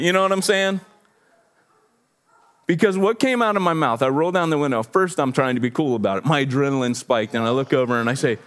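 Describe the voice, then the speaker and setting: A man in his forties, a pastor telling a personal story in a sermon, conversational and self-deprecating, acting out the voices in his story. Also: fairly quick. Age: 40s. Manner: animated, acts out quotes with big pitch jumps.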